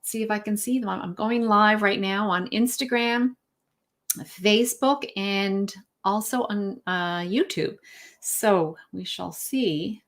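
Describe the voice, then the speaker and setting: Woman calmly guiding a breathing lesson. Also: medium pitch, slow pace. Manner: relaxed, guiding, with fillers and self-corrections. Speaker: wellness coach. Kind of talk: live-streamed breathing lesson. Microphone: phone.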